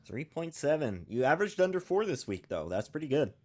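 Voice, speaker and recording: A man co-hosting a casual podcast over a voice call, joking in a dry, deadpan way. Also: fairly high pitch, brisk. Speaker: podcast co-host. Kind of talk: casual chat. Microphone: remote call mic.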